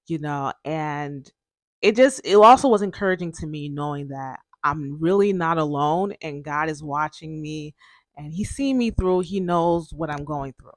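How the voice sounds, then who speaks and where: A woman's voice: low voice, normal speed, dry recording, studio quality. A young woman hosting a podcast, telling her own story in a chatty way, full of fillers and self-corrections. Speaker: podcast host.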